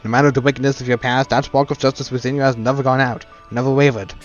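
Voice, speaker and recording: A man playing a calm, wise mentor knight. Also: medium pitch, fast, lo-fi sound, soft background music, close to an everyday voice. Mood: consoling. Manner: steady, earnest, consoling.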